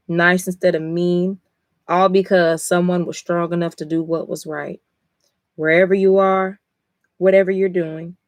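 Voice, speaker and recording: Woman reading comics out loud on stream, cusses a lot, gets emotional, dry close sound. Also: on the low side, no room sound. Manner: emotional, blunt, swears freely. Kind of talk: live reading and reaction stream.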